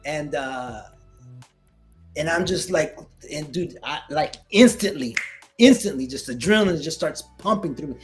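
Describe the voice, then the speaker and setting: A Marine veteran telling a story in a casual interview, slangy and animated, acting out what people said to him. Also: male voice, fairly high pitch, unhurried, faint music behind. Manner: animated retelling, slangy, acts out quoted dialogue.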